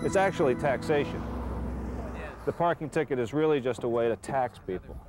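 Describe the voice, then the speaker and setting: A man's voice: medium pitch, fairly quick, over music. A man who is a comedian, complaining with indignant, exasperated rhetorical questions. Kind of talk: comic complaint in interview.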